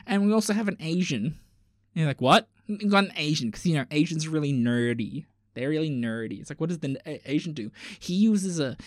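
A man's voice: high-pitched, dry recording, clean studio sound. A man hosting a solo podcast in a casual, rambling, exasperated rant, swearing often. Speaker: podcast host.

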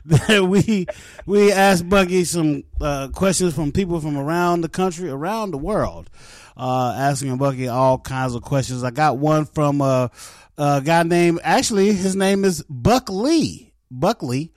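A man's voice: fairly high pitch, unhurried, no room sound, clean studio sound. A man hosting a comedy show, chatting casually with lots of laughter and loose, profane banter.

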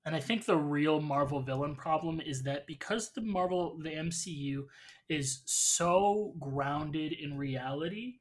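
A man's voice: on the high side, a little slow. A man hosting a podcast who talks at length in casual conversation, explaining his views with fillers. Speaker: podcast host. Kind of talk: casual chat reviewing a show.

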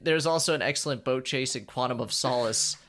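A man's voice: mid-range voice, a little fast, fairly bright tone. A man co-hosting a movie podcast, chatting casually with joking, crude asides. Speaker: podcast co-host. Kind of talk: casual movie-review chat.

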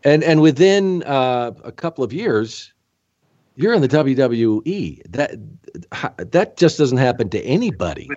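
A man's voice: medium pitch, very animated, mellow, dull audio. A man hosting an interview show and reading an ad in a folksy, salesman-like way. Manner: folksy, salesman-like, asks quick questions. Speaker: podcast host. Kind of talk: interview and live-read ad.

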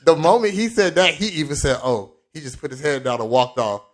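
A young man from Florida tells a story on a casual podcast. He slips into the voices of the people in it, jumping high and loud for their lines and dropping low and soft for his own asides. He laughs often as he talks. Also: fairly quick. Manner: animated storyteller, acts out quoted lines with big pitch jumps, laughs often. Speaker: podcast co-host.

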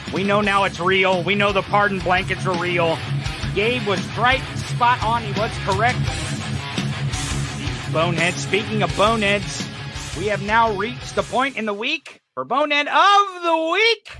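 A man hosting a casual political podcast, talking with energetic sarcasm. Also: high-pitched, measured pace, over music. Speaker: podcast host.

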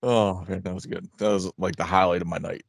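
Low gravelly male podcast co-host, rambling and crude. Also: flat delivery, brisk, no room sound, clean studio sound. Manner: rambling storyteller, crude jokes. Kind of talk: casual podcast chat.

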